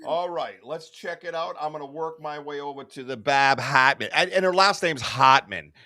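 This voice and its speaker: A man with a Boston accent, hosting a casual livestream podcast, loud and jokey. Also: a little high, moderate pace, over a noisy crowd. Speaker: podcast host.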